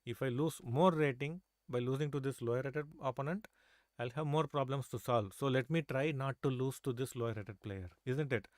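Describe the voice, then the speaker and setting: A man's voice: medium pitch, moderate pace, darkish tone, dry recording. Man coaching chess, dry close voice. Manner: coaxing, asks students rhetorical questions with tag "right?". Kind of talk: live online chess lesson.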